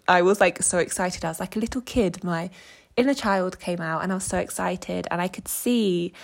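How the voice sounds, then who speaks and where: Young english woman vlogging, gravelly voice, chatty and emotional, lots of "like". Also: medium pitch. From England. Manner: chatty, emotional, says "like" a lot. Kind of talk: personal storytelling monologue.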